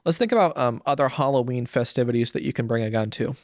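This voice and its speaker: Young male podcast host, crude and rambling, average pitch, dry close sound. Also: quick pace, darkish tone, dry recording. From Saint Paul, Minnesota. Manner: rambling, crude, jokey, slips into silly voices for bits. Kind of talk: comedic solo podcast rant.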